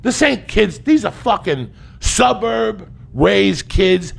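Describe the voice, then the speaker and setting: A guest on a podcast from the New Jersey and New York area tells a comedic story, loud and profane, lurching between shouts and low mutters. He's animated but slow-paced, with a creaky, husky voice.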